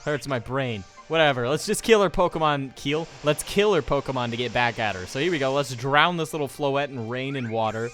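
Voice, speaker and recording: A man's voice: mid-range voice, animated, fairly quick, few pauses, a bit bright. A young man casually commenting on his gameplay, rambling and joking as he goes. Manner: rambling, joking, reads game text aloud. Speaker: let's play commentator. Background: faint game music.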